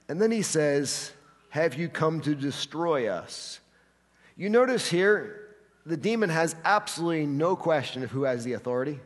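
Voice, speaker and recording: A man preaching a sermon, acting out quotes with animated delivery in a church hall. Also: fairly high pitch. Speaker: pastor. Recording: long hall reverb.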